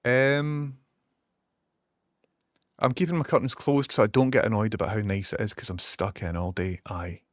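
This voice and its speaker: A man's voice: on the low side, fairly even intonation, moderate pace, pauses often, no room sound, studio quality. A Scottish man streaming from a small basement room, rambling casually, swearing now and then and reading out viewer messages. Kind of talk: casual live-stream chat.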